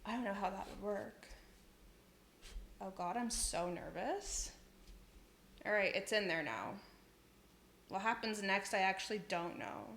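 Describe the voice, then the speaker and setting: A woman's voice: mid-range voice, moderate pace, vocal fry, fairly bright tone, roomy sound, a little hiss or hum. A young woman, chatting casually and giggling as she hosts a cooking livestream from her home kitchen. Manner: chatty and giggly, says "like" a lot. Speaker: livestream host. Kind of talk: casual chat while cooking, reading chat aloud.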